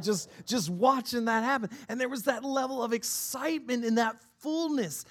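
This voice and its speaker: High-voiced man preaching a relaxed sermon. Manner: conversational preaching with personal stories and playful asides. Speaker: pastor.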